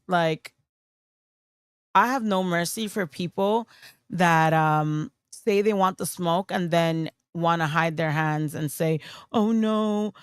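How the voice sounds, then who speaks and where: Blunt woman streamer with gravelly voice. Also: fairly low pitch, no echo. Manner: blunt, dismissive, with many fillers and restarts. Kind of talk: casual livestream commentary. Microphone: streaming mic on camera.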